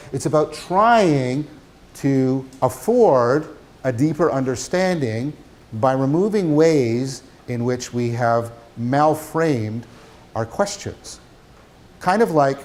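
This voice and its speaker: A man giving a university lecture, animated, asking his class questions as he talks. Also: mid-range voice. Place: lecture hall.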